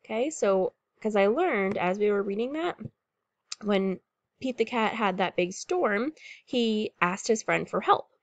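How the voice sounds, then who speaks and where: A woman's voice: medium pitch, animated, a little slow, no echo. A woman teacher reading a picture book aloud to pupils and explaining what the story shows. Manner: warm, clear classroom explaining.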